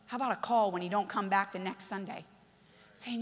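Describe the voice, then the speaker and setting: A woman pastor preaching a passionate sermon that swings between loud exhortation and quiet storytelling. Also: mid-range voice, fairly even intonation, fairly quick, in a large hall.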